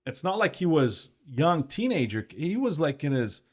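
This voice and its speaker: A middle-aged podcast co-host tells stories in casual chat, acting out the dialogue he quotes. His voice is a little high, sing-song, and slightly rough, at a normal speed.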